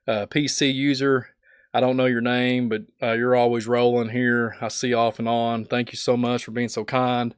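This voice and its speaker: A man with a sore, hoarse throat hosting a casual livestream, laughing often as he greets viewers in the chat by name. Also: medium pitch, level tone, moderate pace, no room sound, clean studio sound. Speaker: livestream host.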